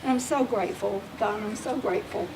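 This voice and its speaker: A woman's voice: medium pitch, fast. Emotional lady giving an awards speech at a reception, sounds kinda distant from the mic. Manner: heartfelt and emotional. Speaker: state agency official presenting awards. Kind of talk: public speech at an event. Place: public reception event. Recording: distant mic with faint background noise.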